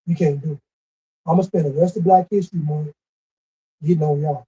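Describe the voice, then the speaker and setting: A man's voice: on the high side, fairly even intonation, a little fast, long pauses, warm tone, husky. A man delivering a scolding, repetitive commentary rant with emphatic stresses. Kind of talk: ranting monologue. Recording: dull lo-fi recording.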